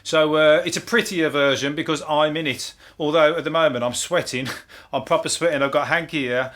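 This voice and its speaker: A man with a Brummie accent hosting a topical comedy podcast, rambling through the news in a dry deadpan way with plenty of swearing and filler words. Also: fairly high pitch, fairly quick. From England.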